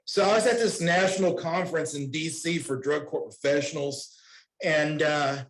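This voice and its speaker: A man's voice: fairly high pitch, normal speed, rough recording. A middle-aged man speaking at a conference, telling casual, earnest stories about his work in recovery and often repeating lines of dialogue. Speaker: recovery counselor speaking at a summit. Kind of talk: conference talk, personal storytelling.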